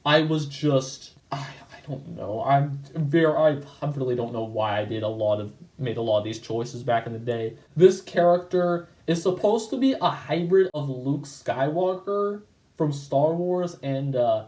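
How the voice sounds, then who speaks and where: A man hosting his own video channel gives casual commentary on his old comic, rambling loosely with lots of "like", fillers, restarts and self-corrections. His voice is medium-pitched, a little slow and slightly mellow, on a reverberant, low-quality recording.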